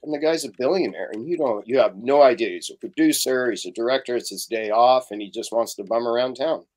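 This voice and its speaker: A man's voice: mid-range voice, quick pace, a little mellow. Easygoing man telling stories. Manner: storytelling, acts out quoted voices. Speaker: guest. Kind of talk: casual podcast chat.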